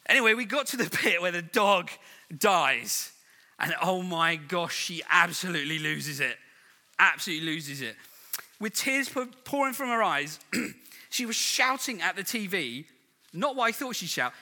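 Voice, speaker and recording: A man's voice: high-pitched, animated, moderate pace, pushed and bright, in a large hall. A middle-aged man preaching to a church congregation, telling a humorous story in a chatty way. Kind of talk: sermon. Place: large church hall.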